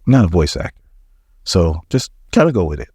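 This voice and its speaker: A man's voice: sits low, big pitch swings, brisk, darkish tone, husky, dry recording, studio quality. A man hosting a casual comic book recap vlog, chatty and jokey, acting out the characters' lines as he goes. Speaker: comic book reviewer and channel host.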